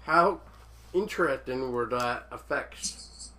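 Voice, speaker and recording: A man's voice: medium pitch, lively intonation, slow, pushed and bright. A man co-hosting a podcast in laid-back chat about a horror film, often trailing off mid-sentence. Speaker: podcast co-host. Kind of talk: casual chat.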